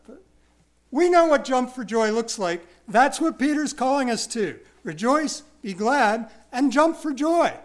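A man preaching a verse-by-verse sermon in a high, light voice. He hammers his points home by repetition and swings from loud, drawn-out emphasis to quiet asides about himself. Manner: emphatic, repeats key words, self-deprecating asides. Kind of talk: expository sermon.

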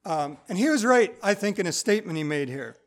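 Man, high-pitched voice, preacher, sermon in church, reads verses then explains them plainly. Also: lively intonation, fairly quick. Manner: reads scripture aloud and explains it in plain, conversational teaching.

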